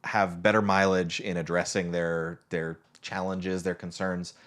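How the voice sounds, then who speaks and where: Male podcast co-host, low voice, calm explainer, conversational. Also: unhurried. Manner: thoughtful, explanatory, gives examples. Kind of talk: casual chat.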